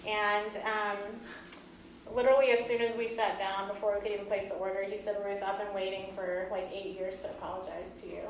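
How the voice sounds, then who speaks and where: A woman's voice: mid-range voice, flat delivery, fairly quick, slight background noise. A woman in her thirties, earnest and often laughing, telling a personal story to an audience. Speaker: speaker giving a talk. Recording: echoey hall from far off.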